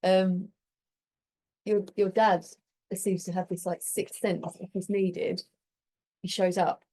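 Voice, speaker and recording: A woman's voice: on the low side, flat delivery, slow, dark tone. A woman hosting a community group, talking in a chatty, reflective way and telling stories with many restarts. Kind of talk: casual reflective talk.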